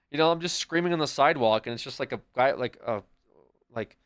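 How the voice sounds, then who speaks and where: A man livestreaming and chatting casually with his viewers in a rambling, profane, animated way. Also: on the high side, fast talker, clear, resonant tone.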